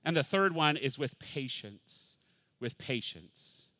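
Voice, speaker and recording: A middle-aged man preaching a sermon, animated, acting out little voices and dropping to a hush for emphasis. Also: medium pitch, slow pace, no echo. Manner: animated, acts out voices, swings from loud to hushed. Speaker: pastor.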